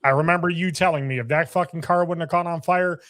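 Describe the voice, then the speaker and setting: A man's voice: on the high side, fairly even intonation, fast talker, fairly bright tone, dry recording. Blunt, swearing man in casual talk. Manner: blunt, swears, repeats himself. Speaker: race announcer and driver. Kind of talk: casual chat.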